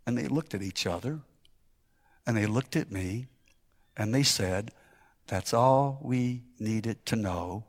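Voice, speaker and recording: A man telling a story in a sermon as a preacher, building to loud, emphatic pleading. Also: fairly low pitch, takes it slowly, long pauses.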